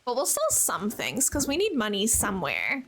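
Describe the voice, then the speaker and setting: A young woman streams live, chatting casually and warmly answering her viewers as she plays. Her voice sits high and bounces all over her range, bubbly and talkative throughout. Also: huge pitch swings, moderate pace, gravelly, slight background noise. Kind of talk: casual live-stream chat while playing.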